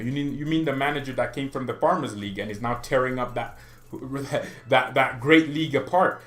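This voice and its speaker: A man's voice: mid-range voice, fairly quick, faint music behind. A man hosting a football fan channel, ranting in an exasperated, sarcastic and mocking way. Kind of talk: ranting commentary to camera.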